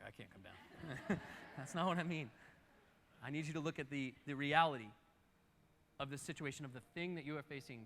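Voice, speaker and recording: A man's voice: medium pitch, a bit bright. A man preaching a sermon in a church, emphatic and repeating his key phrases. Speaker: pastor. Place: large church auditorium. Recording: church hall reverb.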